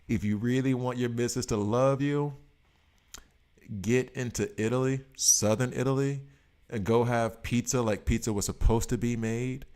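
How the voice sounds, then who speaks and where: This American man in his late 30s rambles casually with his live-stream viewers, using plenty of slang. His mid-range voice is smooth and a little mellow.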